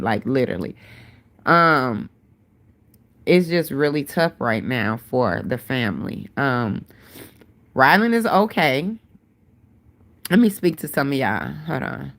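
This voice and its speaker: Low, gravelly woman with a stuffy nose. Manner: chatty, addresses viewers as "y'all" and "baby". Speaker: livestream host. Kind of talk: casual livestream chat.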